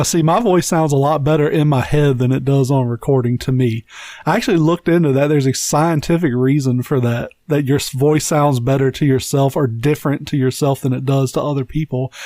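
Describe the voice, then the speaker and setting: Thirties man, podcast co-host, faint southern twang, rambling and profane, voice a bit high. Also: fairly quick, a little mellow, no room sound. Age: 30s. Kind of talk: casual chat.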